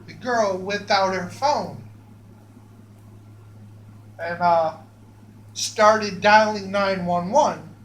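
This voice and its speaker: A man with a high voice tells a rambling story at an unhurried pace, swearing freely and tripping over his words. The sound is echoey, with a faint hum underneath. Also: a bit bright. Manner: profane, stammering with many restarts.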